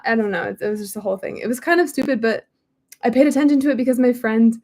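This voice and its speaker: A woman's voice: fairly high pitch, fast, a little mellow. A woman reading a history book aloud in a casual way and breaking off often for chatty, apologetic asides.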